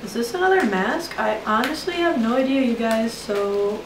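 A woman's voice: on the high side, lively intonation, moderate pace, noisy background. A young woman chatting in a rambling way, with lots of "like" and "you know", as she shows beauty products, recorded indoors at home with rain outside. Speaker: beauty vlogger. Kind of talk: casual haul video chat. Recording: roomy sound from a distance from the mic. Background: heavy rain outside.

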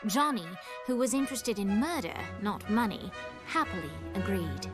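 A woman narrating a game cutscene in a measured, wry storytelling manner. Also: mid-range voice, expressive, over loud music, close to an everyday voice.

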